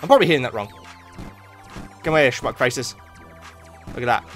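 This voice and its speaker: A man giving jokey let's play commentary as a gaming YouTuber, getting excitable and yelping at close calls. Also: medium pitch, normal speed, long pauses, faint music behind. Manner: excitable, jokey, yelps at near misses.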